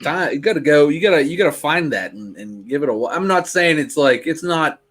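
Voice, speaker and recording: A man's voice: a little high, animated, fairly quick, a bit bright. A man co-hosting a casual wrestling podcast, talking in rambling bursts full of restarts and fillers. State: bit tongue. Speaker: podcast co-host. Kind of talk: casual chat.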